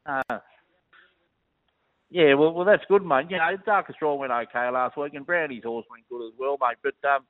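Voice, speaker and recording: A man's voice: mid-range voice, moderate pace, no room sound. A chatty Australian man phones in with his racing tips, sprinkling his talk with friendly asides. The line is tinny and phone-like, dry and close. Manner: chatty, matey, keeps saying mate. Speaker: racing tipster calling in. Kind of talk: casual phone chat.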